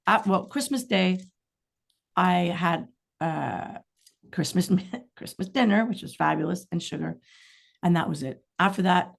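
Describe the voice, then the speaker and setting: On the low side and gravelly, her voice belongs to a middle-aged woman appearing as a singer-songwriter guest. In a relaxed podcast conversation she spins candid, meandering tales peppered with lively asides.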